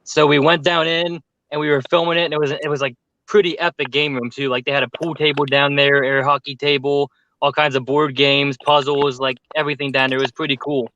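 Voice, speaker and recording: A man telling a story with lots of fillers in casual chat on a group call, animated and talkative. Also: a little high, brisk, lo-fi sound. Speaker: paranormal youtuber telling a story.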